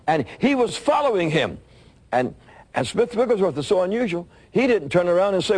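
A husky male preacher tells a sermon story with a lively, swinging pitch. His voice jumps up when he acts out what people said. He talks in the steady rhythm of a sermon. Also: a little fast. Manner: animated storytelling, voice climbing high for quoted lines.

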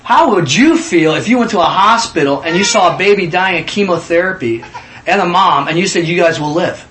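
A man leading a casual Bible study, teaching in an animated way and acting out scenes in voices. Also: high-pitched, a little fast, slight background noise, low-quality recording.

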